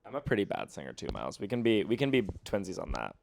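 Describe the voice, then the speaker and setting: A man's voice: fairly low pitch, huge pitch swings, quick pace, creaky, a little mellow. A man co-hosting a casual chat, asking questions in a playful, teasing way. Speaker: co-host.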